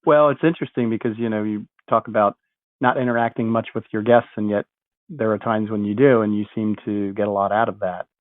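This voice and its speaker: A man's voice: fairly low pitch, fairly even intonation, brisk, dry recording. A man hosting a podcast, casually summarizing his guest's points and asking questions. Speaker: podcast host. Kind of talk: interviewing, casual chat. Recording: dry, tinny phone-like line.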